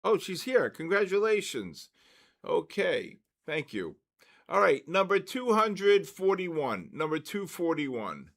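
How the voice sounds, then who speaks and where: A man hosts a trading live stream and calls out giveaway winners. He stretches each number out and repeats it. His voice sits a little high and swings widely in pitch. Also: big pitch swings, fairly bright tone. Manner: drawn-out, repetitive number calling.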